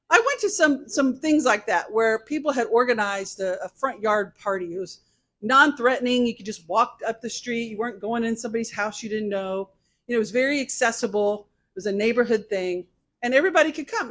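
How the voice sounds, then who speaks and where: A woman talks to a local crowd in a high voice. She tells anecdotes in a lively way and plays both sides of each exchange herself. Her tone stays conversational and energetic. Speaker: congresswoman speaking at a meeting. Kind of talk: speech to a local political group.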